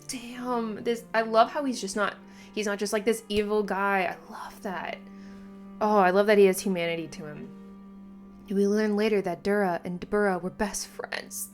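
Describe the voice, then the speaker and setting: A woman reacting excitedly and exclaiming as she reads through a manga chapter. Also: mid-range voice, normal speed, soft background music. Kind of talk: casual reaction commentary.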